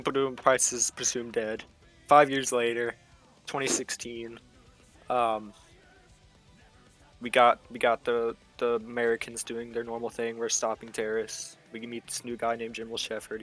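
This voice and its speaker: A man's voice: medium pitch, monotone, normal speed, a bit bright, faint music behind. A young man casually explaining a game's story, stringing events together with "and then". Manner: rambling, chains events with "and then". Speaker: explainer of game lore. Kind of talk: casual chat.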